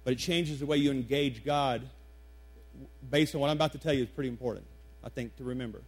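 A man's voice: mid-range voice, fast. A man in his forties, a pastor preaching to his congregation in a church, talking conversationally with emphatic repetitions and questions to the room. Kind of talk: sermon. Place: church sanctuary before a congregation.

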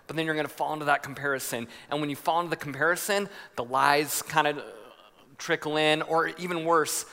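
Man, sermon, high voice, gravelly, long hall echo. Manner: storytelling with animated voices and laughter. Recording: reverberant hall.

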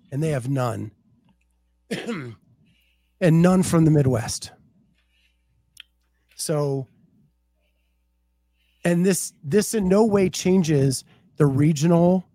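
A podcast co-host chats in a laid-back, casual way and reads out viewer comments. His voice is fairly high and mellow, and the recording is dry.

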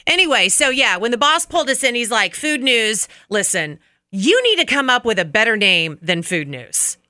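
A woman co-hosting a morning radio show, telling stories in casual, animated banter. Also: fairly high pitch, moderate pace, dry recording, studio quality. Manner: chatty, animated storytelling. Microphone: studio microphone.

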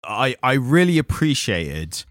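A man's voice: mid-range voice, measured pace, no room sound, clean studio sound. A man co-hosting a comics podcast, chatting casually and acting out lines from the comics. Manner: animated, acts out quotes from the comics. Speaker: podcast co-host. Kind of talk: casual chat about comics.

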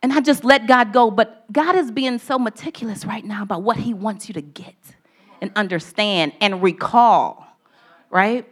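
A woman's voice: mid-range voice, normal speed. A woman preaching a sermon in a conversational, storytelling manner, building points through repeated phrases.

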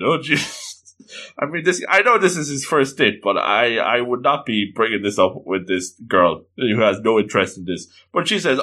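A man reading a comic book aloud, with animated, laughing comic asides and exclamations. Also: mid-range voice, moderate pace. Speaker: reader and commentator. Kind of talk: comedic comic-book read-along.

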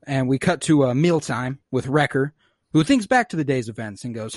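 A man casually recapping a show episode, acting out the characters' lines in quick little voices and swearing freely. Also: mid-range voice, no room sound, studio quality. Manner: animated storyteller who acts out characters' lines, swears freely. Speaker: podcast co-host recapping a show. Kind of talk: casual chat.

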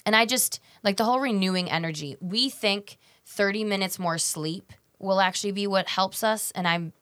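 A woman's voice: mid-range voice, normal speed, fairly bright tone. A woman co-hosting a casual faith discussion, reflecting and chiming in with agreement. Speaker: podcast co-host.

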